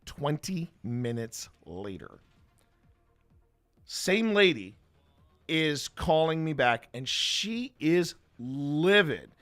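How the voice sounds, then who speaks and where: A man hosting a show, telling a personal anecdote in a lively way, acting out what other people said and often repeating words as he restarts. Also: fairly high pitch, very slow, soft background music. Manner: animated, acts out other people's lines. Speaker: host. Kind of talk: storytelling anecdote.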